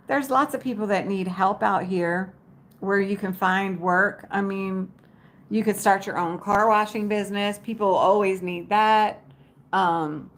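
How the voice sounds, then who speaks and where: A woman chatting casually to her viewers as a vlogger, folksy and talkative, calling them y'all. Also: medium pitch. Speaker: vlogger talking to live viewers. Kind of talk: casual livestream chat.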